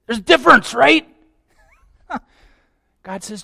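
A man preaching a sermon, swinging from hushed, low passages to loud, urgent ones. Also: lively intonation, fairly quick, gravelly, pauses often, no echo, studio quality. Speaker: pastor.

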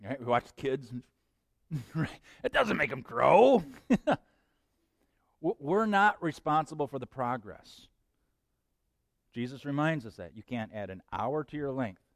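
A man preaching a sermon as pastor, swinging between hushed lines and loud bursts. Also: mid-range voice, sing-song, measured pace, creaky, pauses often, dry recording, studio quality.

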